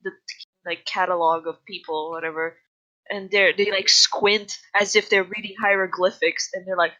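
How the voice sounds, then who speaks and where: Young woman, bright voice, rambling casual chat, laughs a lot, dull muffled sound. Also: mid-range voice, steady tone, moderate pace. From outside English-speaking countries. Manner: rambling, chatty, laughs often, many restarts. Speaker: podcast guest.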